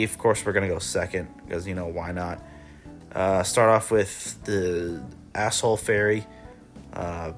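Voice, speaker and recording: Guy with a lowish voice chatting loosely through his card game matches, cussing, bit of a cough, faint music behind. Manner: laid-back, profane, chuckling, mock voices of opponents. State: coughing and clearing throat. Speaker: card game player recapping a tournament. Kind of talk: casual game recap.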